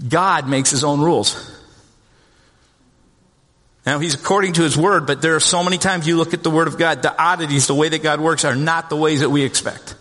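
A man's voice: fairly high pitch, fairly even intonation, moderate pace, long pauses, fairly bright tone. A man preaching a sermon as pastor, earnest, with repeated words and restarts as he goes. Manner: earnest, repeats words, quotes scripture in small voices. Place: church sanctuary. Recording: long hall reverb.

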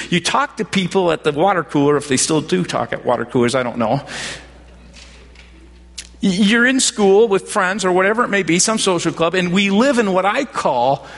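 A man's voice: high voice, fairly bright tone, in a large hall. A male pastor preaching a sermon in a chatty storytelling way, often restarting his phrases. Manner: conversational storytelling with repeated restarts.

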